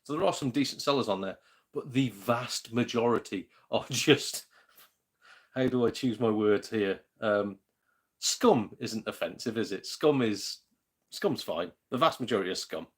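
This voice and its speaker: A man's voice: on the low side, lively intonation, a little slow, breathy edge. A man with a British accent hosting a gaming channel, chatting casually on a livestream and reading out viewer comments, joking, laughing often and swearing mildly. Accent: British English.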